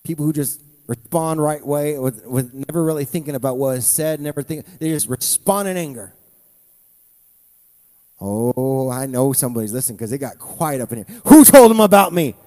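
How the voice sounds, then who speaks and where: A man preaching a sermon, animated, with playful asides to the congregation. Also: mid-range voice, normal speed, long reverb tail. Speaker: pastor.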